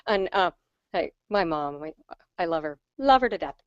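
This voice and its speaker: A woman vocal coach teaching singers on a video call, talking in a chatty, animated way and poking fun at herself. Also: sits low, a little fast, dry recording, highs cut off. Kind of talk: online webinar teaching. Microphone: handheld microphone on a stand.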